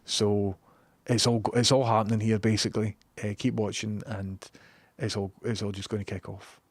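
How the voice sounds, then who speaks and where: A man's voice: fairly low pitch, flat delivery, normal speed, no echo. A young Scottish man chatting casually on a live stream from his home studio, joking and reading out viewer messages. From Scotland.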